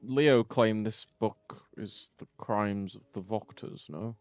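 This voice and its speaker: A man playing a tabletop game who speaks in a measured, thoughtful way. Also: on the low side, darkish tone, no room sound. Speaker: player.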